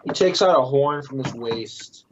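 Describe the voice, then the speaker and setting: A man's voice: mid-range voice, measured pace. A young man narrating as game master in a casual tabletop game, swearing freely as he describes what happens. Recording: dull lo-fi mic with faint hiss.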